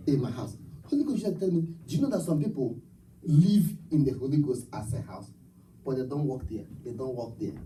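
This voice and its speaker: A man's voice: on the high side, mellow, distant mic, a little hiss or hum, poor audio. A man preaching a live church sermon, rousing the congregation with call-and-response and rhetorical questions. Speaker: pastor. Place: church sanctuary at a live service.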